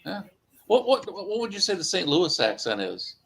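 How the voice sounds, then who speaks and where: A man with a gravelly, husky voice drops short, laid-back remarks into the chat. His pitch swings freely even in brief replies. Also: normal speed. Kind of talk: casual banter.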